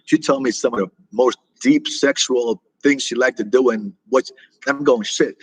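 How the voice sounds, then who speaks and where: Husky American man chatting with viewers. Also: medium pitch, normal speed, no room sound, low-quality recording. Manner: rambling, repeats himself, talks back to viewer comments. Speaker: livestream host answering chat. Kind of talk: casual live chat.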